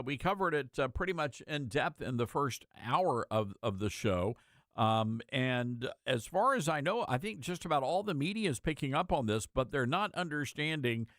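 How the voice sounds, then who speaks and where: A man's voice: mid-range voice, fairly bright tone, no echo, clean studio sound. A man hosting a call-in radio talk show, chatting in a folksy, friendly way with a caller.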